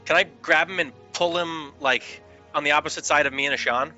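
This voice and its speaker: A man's voice: a little high, steady tone, a little fast, sharp tone. A man playing a tabletop game in casual chat, asking lots of questions about what his character can do. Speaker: player. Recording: dull lo-fi stream audio with faint music.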